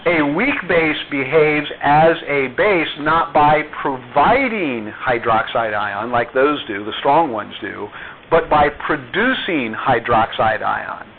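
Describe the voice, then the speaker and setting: With lively intonation and a medium-pitched voice, a man teaches chemistry, asking his students questions at a slow, deliberate pace. The classroom recording is tinny and phone-like, with some hiss or hum.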